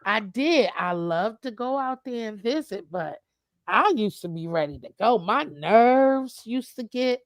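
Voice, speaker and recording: A woman telling a lively, profane story in casual chat, calling her listener "child". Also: on the high side, a little slow, dry recording. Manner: animated storyteller, swears freely, calls listener "child". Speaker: streamer, co-host. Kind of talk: casual chat while crafting.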